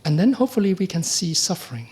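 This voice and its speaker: A middle-aged man, a monk giving a conversational dharma talk, often asking the audience questions and acting out quoted exchanges. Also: fast. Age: middle-aged or older. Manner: acts out quoted exchanges with lively pitch jumps. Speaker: Buddhist monk teacher.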